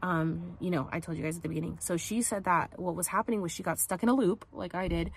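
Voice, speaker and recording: A woman's voice: fairly low pitch, fairly even intonation, fast talker, vocal fry, slightly rough. A young woman casually telling a personal story on a podcast, chatty, filling her speech with "like" and acting out the quotes. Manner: chatty, heavy use of "like", acts out quotes. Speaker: podcast host.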